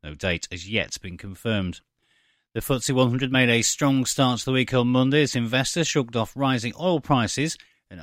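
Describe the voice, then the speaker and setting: A man reading a scripted radio news bulletin in a measured, even delivery. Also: medium pitch, no echo, clean studio sound. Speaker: newsreader. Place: studio. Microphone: studio microphone.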